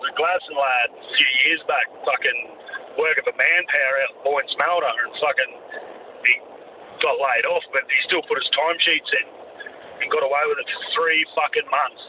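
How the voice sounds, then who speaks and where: A man's voice: medium pitch, fairly even intonation, a little fast, distant mic, highs cut off, background noise. A man with an Australian accent leaving a sweary, casual voice message for a podcast. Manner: sweary storytelling. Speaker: listener sending a voice message.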